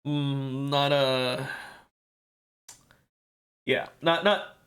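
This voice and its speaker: A man's voice: medium pitch, steady tone, drawn-out words, a bit bright, clean tone. A man streaming a video game, rambling and correcting himself in casual commentary while sounding sleepy and yawning.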